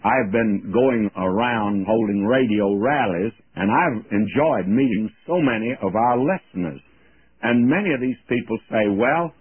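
An older man giving a folksy radio Bible teaching, plain-spoken and slowing down to quote scripture. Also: fairly low pitch, breathy edge, no room sound. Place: radio studio. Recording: tinny phone-like radio broadcast, dry.

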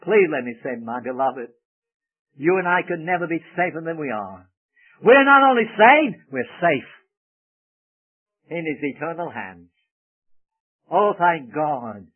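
A man's voice: fairly high pitch, expressive, a little slow, pauses often, breathy edge. Earnest man preaching over tinny radio. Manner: earnest, emphatic, swells loud on key phrases then drops soft. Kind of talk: sermon. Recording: tinny phone-like old radio broadcast.

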